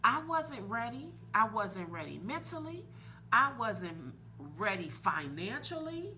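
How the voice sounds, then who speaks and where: A woman's voice: on the high side, very animated, a little slow, sharp tone. A woman in her forties, a podcast host telling a personal story candidly and animatedly, laughing now and then.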